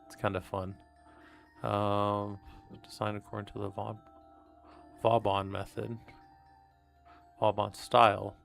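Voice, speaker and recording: Low-pitched guy reading papers out loud on stream, stops to chat about them, faint music in the background. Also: level tone, takes it slowly, gravelly, long pauses. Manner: reads passages aloud then comments, with fillers and restarts. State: coughing, hiccups. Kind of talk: casual live-stream reading aloud.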